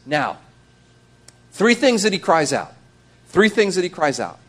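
A male pastor preaching a sermon, animated, acting out quoted voices and dropping between loud and hushed delivery. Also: high voice, normal speed, pauses often.

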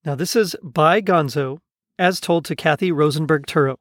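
Casual male narrator, slightly high voice, close dry recording. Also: normal speed, a bit bright, no echo. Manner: casual, informative, occasional fillers. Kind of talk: reading a magazine story aloud.

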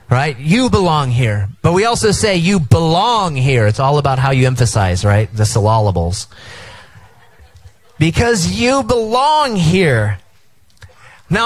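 A man's voice: high voice, a bit bright, poor audio. A middle-aged man preaching a sermon as pastor, engaging the crowd with call-and-response at an outdoor tent service.

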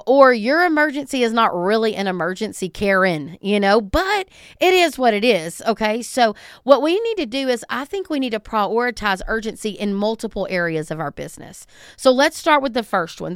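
A middle-aged woman from the Southern United States hosts a solo podcast, speaking conversationally and emphatically and acting out callers. Her slightly high voice is very animated, brisk, clear, and resonant, captured in clean studio sound with no room sound.

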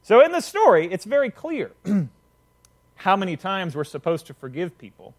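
A man's voice: sits high, wildly swooping pitch, moderate pace. A man preaching a casual sermon, retelling a parable conversationally with frequent check-ins to listeners.

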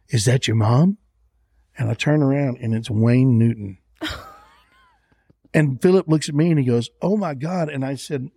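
A middle-aged man with a drawl spins a lively backstage anecdote for a podcast host. He slips into the voices of the people he quotes. His voice is mid-pitched and recorded dry, close to the mic. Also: dry recording. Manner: animated anecdote-telling, acting out quoted voices. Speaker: songwriter guest. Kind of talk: storytelling in a podcast interview.

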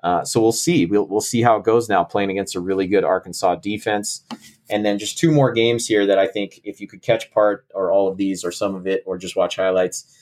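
A man's voice: sits low, steady tone, brisk, a little mellow. A man co-hosting a sports podcast, chatting casually and enthusiastically about college football. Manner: enthusiastic, chatty, laughs often. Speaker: co-host and college football segment host.

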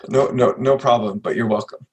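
A man's voice: mid-range voice, fairly quick, darkish tone. A man hosting a podcast, talking earnestly through advice and often checking in with "right?". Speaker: podcast host. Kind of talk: casual podcast chat.

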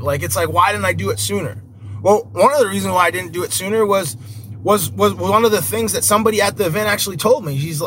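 A man's voice: high voice, slight background noise. A man hosting a podcast, talking animatedly in a casual, rambling way, full of fillers and rhetorical "right?" checks. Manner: animated, repetitive, lots of "like" and "right?". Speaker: podcast host. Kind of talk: casual solo podcast talk.

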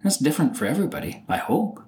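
A man's voice: medium pitch, wildly swooping pitch, fast talker, a little mellow, a little hiss or hum. A man hosting his own solo podcast, talking casually and animatedly, often acting out what other people say. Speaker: podcast host. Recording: roomy echo.

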